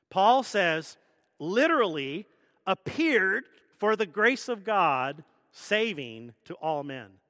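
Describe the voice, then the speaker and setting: A man's voice: sits high, bright, forceful tone, no room sound, studio quality, in a large hall. A man preaching a sermon as pastor, teaching in a conversational way with self-deprecating jokes.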